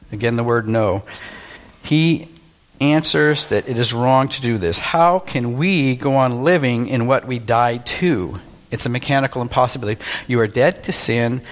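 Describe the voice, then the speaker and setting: Pastor, male, mid-pitched voice, earnest sermon delivery with rhetorical questions.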